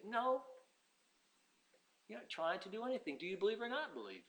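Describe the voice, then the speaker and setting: A man preaching a sermon, dropping to quiet asides and rising to loud, impassioned passages, acting out pleading voices in dialogue. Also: sing-song, normal speed, long pauses. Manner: swings from low asides to loud shouted preaching.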